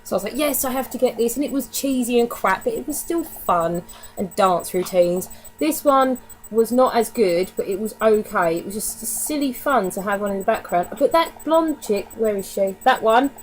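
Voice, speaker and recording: A woman's voice: mid-range voice, animated, normal speed, poor audio. A woman chatting casually to camera in a DVD haul vlog, candid and given to casual swearing. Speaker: vlogger.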